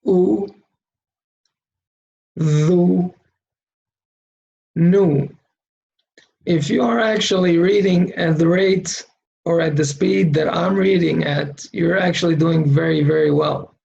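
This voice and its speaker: A man's voice: on the high side, normal speed, gravelly, a little mellow, lo-fi sound. A man teaching how to read Arabic letters, patiently sounding out single syllables for the learner to repeat. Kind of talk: slow recorded lesson drilling syllables.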